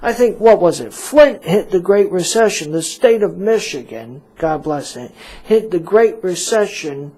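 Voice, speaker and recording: Male talk radio host, slow and meandering, self-deprecating humor. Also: sits high, lively intonation, mellow. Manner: rambling, self-mocking, full of fillers.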